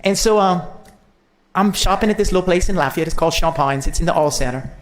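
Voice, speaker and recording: A man's voice: sits high, fast. A man, a state senator giving a folksy, storytelling farewell speech to the legislature.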